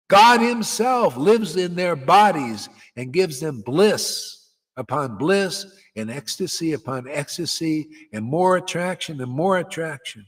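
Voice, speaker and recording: A man's voice: fairly high pitch, lively intonation, measured pace, big-room sound. A man giving an informal devotional sermon as a spiritual teacher, blunt and emphatic, swearing freely and laughing between points.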